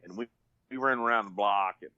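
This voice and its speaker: A man's voice: lowish voice, fairly quick, pushed and bright, dry recording, highs cut off. A man telling a rambling, folksy story on a podcast, full of restarts. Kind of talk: casual storytelling.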